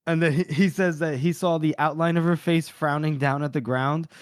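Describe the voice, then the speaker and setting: A man's voice: on the high side, fairly even intonation, normal speed, smooth. A man co-hosting a casual book podcast, retelling scenes with lots of laughter and acted quotes. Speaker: podcast co-host.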